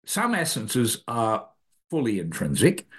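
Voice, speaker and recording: A man being interviewed as an author, explaining ideas thoughtfully, pausing and correcting himself often. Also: medium pitch, huge pitch swings. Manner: thoughtful, halting, self-correcting. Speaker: author guest. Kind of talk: academic interview answer.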